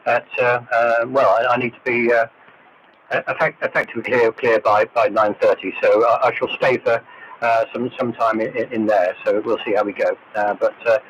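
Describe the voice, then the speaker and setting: A man chatting on an amateur radio net, pausing often with drawn-out fillers as he talks. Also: mid-range voice, little pitch movement, fairly bright tone. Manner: hesitant, filled with uh pauses. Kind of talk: casual radio net chat. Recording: noisy muffled AM shortwave reception.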